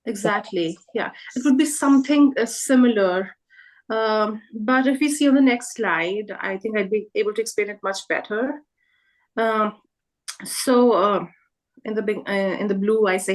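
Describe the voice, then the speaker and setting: A woman's voice: medium pitch, rough recording. Woman patiently explaining pronunciation. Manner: patient, explains step by step with many fillers. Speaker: workshop presenter.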